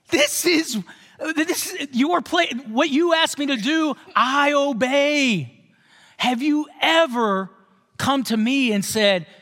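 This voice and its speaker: A preacher putting on a resentful older brother, his voice climbing high and sharp with indignation. He pleads and complains, carried by the long echo of a hall.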